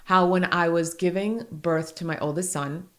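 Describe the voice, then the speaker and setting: A woman in her forties hosting a podcast, talking candidly and earnestly, with quick laughs between heartfelt points. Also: lowish voice, fairly even intonation. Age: 40s. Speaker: podcast host.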